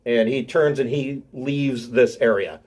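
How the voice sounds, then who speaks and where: A man narrating a tabletop game as game master, halting and filling gaps with ums and uhs. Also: medium pitch, a little mellow.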